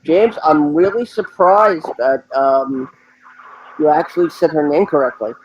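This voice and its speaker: A man's voice: a little high, a little slow. A man co-hosting a podcast in casual banter, tossing in teasing jokes. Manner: teasing, joking asides. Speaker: podcast co-host. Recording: dull lo-fi audio with faint noise.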